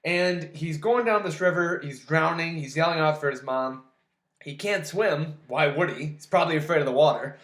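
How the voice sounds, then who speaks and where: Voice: medium pitch, normal speed, fairly bright tone. Sarcastic, ranting movie recapper in an echoey room. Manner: sarcastic, exasperated, swears freely. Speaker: movie reviewer. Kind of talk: casual movie recap rant.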